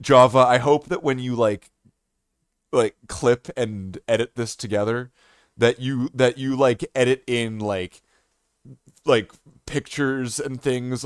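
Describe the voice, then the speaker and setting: A man streaming who tells a story in a casual, animated way, swearing and restarting his sentences. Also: mid-range voice, clear, resonant tone, no room sound, clean studio sound.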